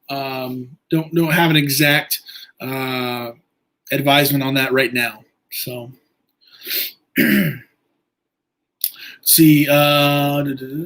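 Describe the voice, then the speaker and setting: Guy on a livestream, kinda higher voice, rambles with tons of uh and um. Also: a bit bright. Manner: rambling, halting, many fillers. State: eye irritated from injury. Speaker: livestream host. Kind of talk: casual livestream chat.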